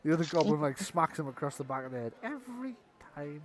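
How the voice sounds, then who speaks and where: A man's voice: fairly high pitch, steady tone, very fast, a crowd in the background. A man narrating a tabletop game as game master, chatty and often laughing.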